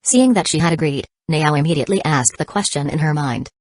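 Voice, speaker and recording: A woman narrating an audiobook in an even, unhurried reading with uneven pauses. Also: sits low, no echo.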